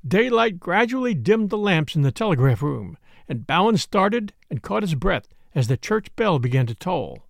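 A man reading a classic story aloud as an audiobook, in a measured way. His voice is high and gravelly and moves widely in pitch. The recording is close and dry. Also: sing-song, dry recording. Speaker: narrator.

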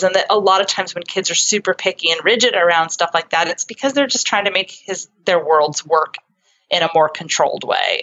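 A woman's voice: on the low side, fairly bright tone, dull audio. A woman psychotherapist, a guest on the show, telling a story in an earnest, explanatory way. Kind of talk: conversational storytelling.

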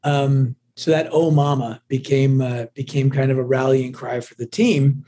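A man's voice: medium pitch, flat delivery, moderate pace, warm tone, slight background noise. A man chatting as a guest in a friendly interview over the phone, often restarting his sentences. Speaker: musician guest. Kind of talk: casual phone interview chat. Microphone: phone call.

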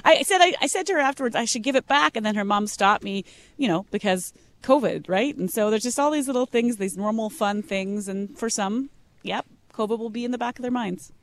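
A female radio host interviewing a parent and chatting with co-hosts in a quick, chatty way. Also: fairly high pitch. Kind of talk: casual radio chat and interviewing.

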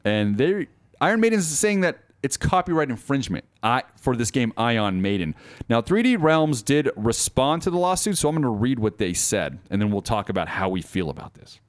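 A man hosting a podcast in casual chat, rambling and repeating words as he gets excited. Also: medium pitch, a little fast, no room sound. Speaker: podcast host.

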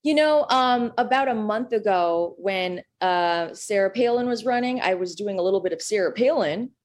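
A woman's voice: medium pitch, lively intonation, moderate pace. A woman comedian from Minnesota, a guest in a casual interview, chatty and rambling.

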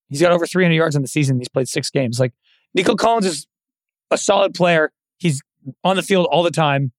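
A man with a fairly high voice co-hosting a podcast, talking fast in a brisk, offhand way. He uses plenty of fillers, and the sound is close and dry. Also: no echo. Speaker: podcast co-host. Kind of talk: casual sports podcast chat.

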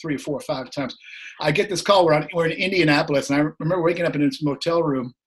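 A middle-aged man, a musician guest, telling a story in casual chat, laughing often and acting out the voices he quotes, his voice slightly rough. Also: a little high, fast.

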